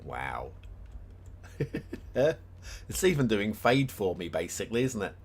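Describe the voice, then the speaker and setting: This lowish male voice is animated yet measured in pace, with a slight hiss or hum behind it. He's reviewing game maps live, musing aloud with plenty of ums and restarts. He laughs at himself often and keeps things self-deprecating.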